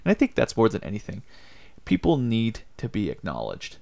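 A man's voice: on the low side, wildly swooping pitch, brisk, gravelly, warm tone. A young man co-hosting a podcast, talking earnestly and rambling a little, acting out the lines he quotes. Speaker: podcast co-host. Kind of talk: casual chat.

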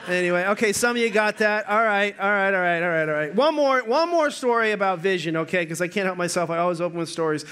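A man preaching a sermon as pastor, joking, telling stories and talking with lively energy. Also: high voice, quick pace, few pauses, clear, resonant tone.

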